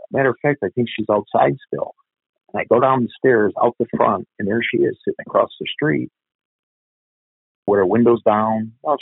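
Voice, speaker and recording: A creaky, breathy, lowish male voice on a dry, phone-quality recording. The speaker, a middle-aged officer, tells of a family tragedy in a frank interview, swearing bluntly and going over things again as he remembers, in a conversational storytelling mode.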